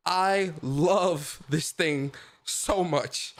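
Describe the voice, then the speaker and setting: Male livestream host, casual and slangy, often laughing, slightly high voice. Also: extremely slow.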